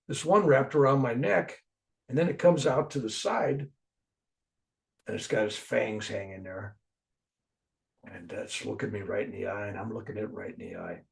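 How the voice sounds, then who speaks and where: An older man telling a personal story in a conversation, animated, jumping loud for emphasis and dropping soft when he reflects. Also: fairly low pitch, vocal fry, far from the mic. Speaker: interview guest.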